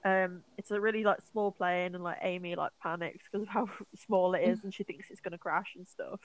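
A woman's voice: fairly low pitch, fairly even intonation, a little fast, no room sound, poor audio. A young woman co-hosting a podcast, casually retelling a film with lots of fillers, swearing and acted-out quotes. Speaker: podcast co-host.

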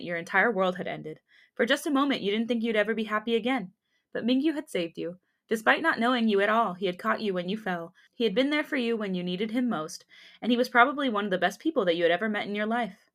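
Bright young woman reading fanfic aloud. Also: medium pitch, animated, fast. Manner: laughs often, jokey asides. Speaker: podcast co-host.

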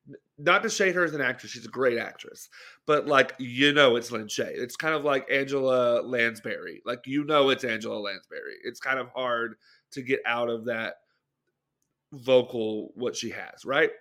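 A man's voice: medium pitch, normal speed, bright, forceful tone. A young adult man co-hosting a podcast, chatting casually about films, hedging and second-guessing himself with many restarts. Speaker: podcast co-host. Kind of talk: casual film chat.

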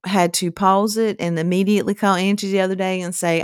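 A woman co-hosting a casual chat podcast, telling animated stories. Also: fairly quick, clean tone, no echo, clean studio sound. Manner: animated storyteller, drawling, quotes people in high voices. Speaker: podcast co-host.

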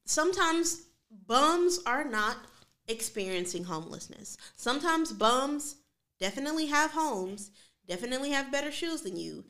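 A woman's voice: high voice, very animated, normal speed, sharp tone. A woman co-hosting a podcast, telling a story in casual chat and acting out the people in it. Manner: chatty storyteller who acts out the people in her story. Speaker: podcast co-host.

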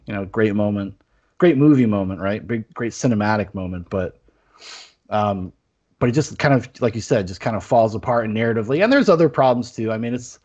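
A man's voice: mid-range voice, a little mellow. A man hosting a casual movie review podcast, rambling with lots of fillers and restarts. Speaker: podcast host. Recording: dull lo-fi podcast audio.

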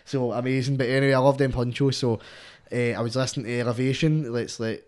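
Young Scottish rapper guest, animated and sweary, rambling chat. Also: male voice, medium pitch, fairly quick, few pauses, smooth. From Scotland. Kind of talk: casual podcast chat.

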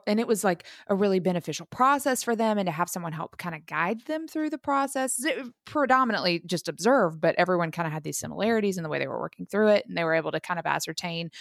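A woman with a lilt talks on a podcast in a low, gravelly voice full of vocal fry. She rambles, circles back and restarts her thoughts, and the sound is close and dry. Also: no echo. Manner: rambling, many fillers and restarts. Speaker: podcast co-host. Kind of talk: casual podcast chat.

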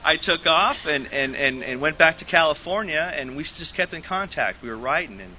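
A man's voice: on the high side, expressive, moderate pace, dull audio, noisy background. A man speaking to a recovery group, telling a rambling personal story with lots of restarts and laughs. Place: meeting hall.

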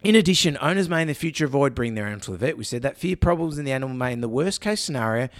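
A man, co-hosting a podcast, relaxed, reading out an article and chatting. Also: mid-range voice, rapid-fire, no room sound, clean studio sound. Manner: relaxed, reads out articles, says mate often. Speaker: veterinarian podcast co-host. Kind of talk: casual chat.

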